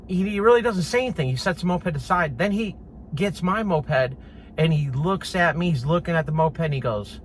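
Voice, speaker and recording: A man telling a funny personal story in a casual, animated way, often laughing and mimicking sounds. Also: on the high side, a little hiss or hum. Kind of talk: casual anecdote.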